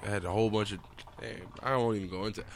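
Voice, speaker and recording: A man co-hosting a casual drinking podcast, talking in loose, profane, animated banter. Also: lowish voice, very fast, gravelly. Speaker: podcast co-host. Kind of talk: casual chat.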